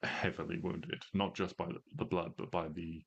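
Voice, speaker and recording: A man with a very low, deep voice runs a tabletop game as game master. He narrates in a measured way, pausing and filling gaps with ums. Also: level tone, vocal fry, breathy edge, lo-fi sound.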